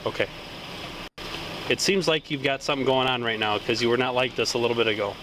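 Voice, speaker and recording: Cop on bodycam, man, mid-pitched, calm questioning, loud roadside noise. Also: quick pace. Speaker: police officer. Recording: noisy bodycam footage at a traffic stop.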